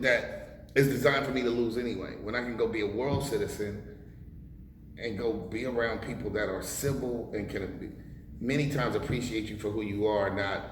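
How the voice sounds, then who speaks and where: A man's voice: mid-range voice, fairly bright tone. Blunt, profane man in an echoey room. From United States. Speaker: rapper guest. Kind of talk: casual interview talk. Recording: echoey room with long reverb and faint hiss.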